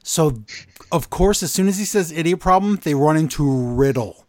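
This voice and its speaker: A man's voice: a little high, animated, normal speed, a little mellow, no echo. A man co-hosting a podcast, recapping wrestling in casual chat with sarcastic, exasperated asides. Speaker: podcast co-host.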